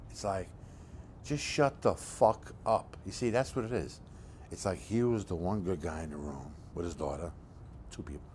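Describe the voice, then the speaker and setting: A hulking, coldly scheming crook played by a man in a low-budget crime film, lecturing bluntly in a streetwise way and swearing in nearly every line. His voice sits very low and heavy. A faint hiss runs under the recording.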